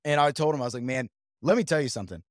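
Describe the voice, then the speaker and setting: A man's voice: medium pitch, animated, very fast, no room sound, clean studio sound. A man hosting a podcast, talking casually with a rambling, filler-heavy manner. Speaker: podcast host. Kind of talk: casual chat.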